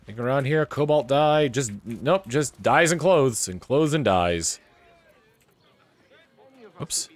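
A man's voice: mid-range voice, lively intonation, takes it slowly, pauses often, no room sound. Chatty man streaming a video game. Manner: wry, chatty, reads in-game text aloud. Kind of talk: live gameplay commentary.

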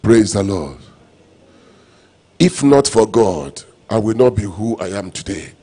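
Preaching pastor with emphatic loud bursts. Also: male voice, on the low side, lively intonation, measured pace, breathy edge. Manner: preaching with call-and-response phrases and sudden loud emphatic bursts. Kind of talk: sermon.

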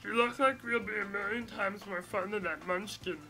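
A man's voice: high voice, normal speed, voice pushed up, heavily acted. A man putting on an awkward, mocking troll voice for a cocky, brawny male video game thug. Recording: game music loud underneath.

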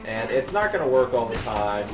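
A man with a Northeastern Ohio accent giving casual, rambling let's-play commentary, chatty and quick to laugh. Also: medium pitch, very animated. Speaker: gameplay commentator. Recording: roomy echo with game music and gunfire.

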